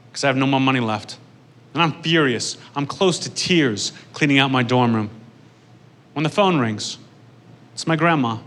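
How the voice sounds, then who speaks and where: A young adult man tells a long stand-up story in a deadpan, dry way. His voice is bright and sits at an ordinary pitch. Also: slight background noise. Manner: deadpan, dry delivery building to punchlines. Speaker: stand-up comedian.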